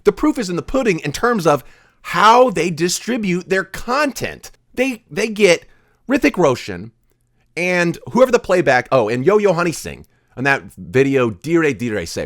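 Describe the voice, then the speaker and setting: A man in his thirties delivering a heated, indignant rant to camera, swinging between loud outbursts and quiet asides. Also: high-pitched. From United States. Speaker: vlogger.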